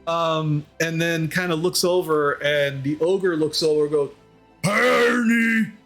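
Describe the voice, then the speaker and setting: A man's voice: on the high side, steady tone, moderate pace, faint music behind. A man narrating as a tabletop game master, describing scenes hesitantly with many fillers. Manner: hesitant, full of ums and likes.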